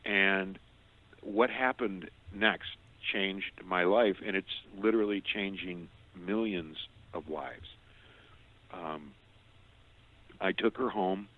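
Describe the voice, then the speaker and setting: Deep-voiced middle-aged man over a phone line. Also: takes it slowly. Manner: earnest, stumbles and repeats words. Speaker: radio show guest. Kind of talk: personal testimony storytelling.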